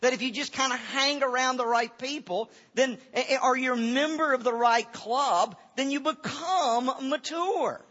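A pastor teaching a Bible passage in a sermon, conversational and then emphatic on key lines. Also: male voice, very high voice, unhurried, hardly any pauses, a bit bright. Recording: dull audio with long reverb in a large hall.

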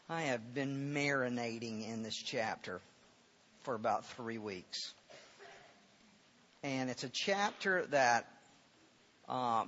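A man's voice: mid-range voice, a bit bright. Man preaching in an echoing hall. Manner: conversational, rising to emphatic on key lines. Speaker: pastor. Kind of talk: sermon, Bible teaching. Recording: dull audio with long reverb in a large hall.

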